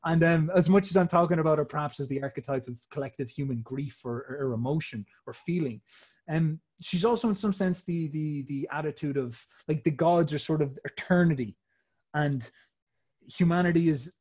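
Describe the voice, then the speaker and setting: A man's voice: on the high side, moderate pace, darkish tone, slightly rough. A man explaining ideas in a rambling casual talk, swearing freely and restarting sentences often. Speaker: podcast host.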